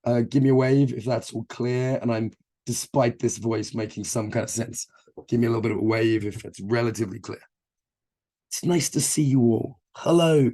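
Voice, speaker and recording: A man with a hoarse, nearly gone voice, giving an online training in a jokey, informal, self-deprecating way over a video call. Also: medium pitch, moderate pace, warm tone.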